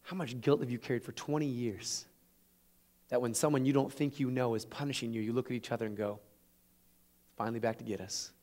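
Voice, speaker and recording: A man preaching a sermon, retelling a scripture story in an animated, conversational way with chuckles. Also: medium pitch, fairly quick. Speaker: pastor.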